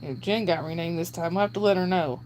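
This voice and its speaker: A woman's voice: fairly low pitch, fast, a little mellow, slight background noise. A middle-aged woman hosts a live stream in a casual chat. She reads out viewer comments, thanks people by name, and laughs often.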